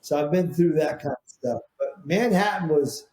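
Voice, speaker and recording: Podcast guest, male, mellow tone, rambling storyteller, roomy echo. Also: a little high, moderate pace, slight background noise. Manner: rambling, animated storyteller with restarts. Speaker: podcast guest, business founder. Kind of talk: casual storytelling interview.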